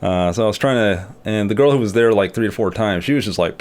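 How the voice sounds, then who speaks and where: A man's voice: lowish voice, expressive, brisk, few pauses. A young man telling a story in a casual vlog, rambling with many fillers and restarts. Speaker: artist and video creator.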